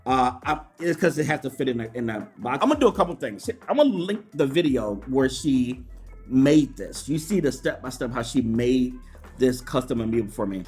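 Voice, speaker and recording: A man vlogging an unboxing in an excited, casual way, laughing often and jumping high in pitch when thrilled. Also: normal speed, soft background music. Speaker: YouTube vlogger.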